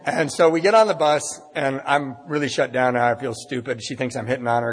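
A man's voice: mid-range voice, steady tone, a little fast, few pauses, breathy edge. A man telling a personal story live in a candid, wry, self-deprecating way. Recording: long reverb in a large hall.

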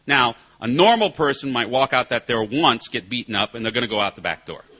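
Animated, bright-voiced wry man. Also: mid-range voice, a little fast. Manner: wry, self-mocking storyteller with punchlines. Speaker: recovery meeting speaker and sponsor. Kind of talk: personal recovery talk to a group.

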